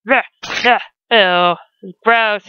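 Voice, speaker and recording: A woman's voice: mid-range voice, extremely slow, lo-fi sound, slight background noise. A young woman commenting on her game as she plays, chatty and swearing as she reacts. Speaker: gamer. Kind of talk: let's play commentary.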